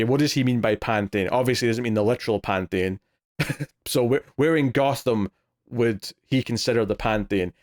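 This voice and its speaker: A man's voice: medium pitch, a little mellow. Man recapping comics in casual chat. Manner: rambling, hesitant, lots of fillers and restarts. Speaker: podcast co-host. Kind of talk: casual comic book discussion.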